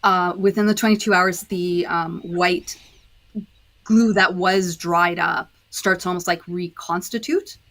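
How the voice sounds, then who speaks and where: A woman appears as a guest on a podcast and walks through her disc-dyeing process step by step in a casual chat, using lots of filler words. Her voice is lowish and a bit bright, and she speaks slowly in a steady tone.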